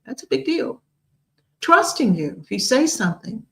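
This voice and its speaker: Earnest woman host, higher voice. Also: normal speed, poor audio. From United States. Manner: earnest, expressive storytelling. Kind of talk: talk show monologue.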